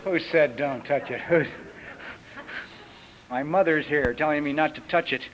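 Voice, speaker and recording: A high-voiced man in his fifties tells his personal recovery story at a retreat meeting hall, speaking at a measured pace. He's a lively storyteller who acts out characters in raised voices. The recording is a dull, lo-fi 1980s tape with faint hiss.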